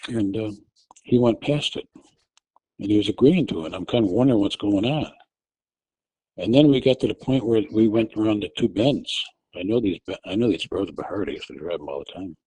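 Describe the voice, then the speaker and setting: A man telling a personal story in a casual, halting way, and he gets loud and urgent when he acts out what he shouted. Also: fairly low pitch, breathy edge, dry recording, poor audio. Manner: relives the moment, shouting quoted directions loudly and urgently; halting, with restarts and fillers.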